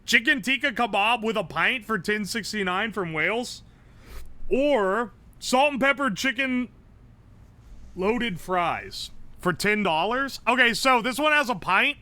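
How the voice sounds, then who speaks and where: A man streaming live, commenting on a game with blunt, profane, quick reactions. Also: sits high, animated, pushed and bright.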